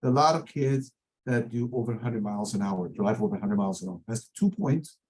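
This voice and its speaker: A middle-aged man, a lawyer, lectures teenagers in an earnest, warning tone. His voice is slightly husky and sits at an ordinary pitch. His English has non-native phrasing. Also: lively intonation, fairly quick, a little mellow, low-quality recording. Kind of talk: advisory talk to teenagers.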